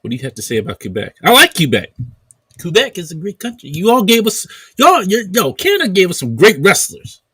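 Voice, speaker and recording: A man hosting a podcast in casual chat, animated and reading out viewer chat messages. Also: sits high, fairly quick, husky, no echo. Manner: animated, reads super chats aloud. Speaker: podcast host.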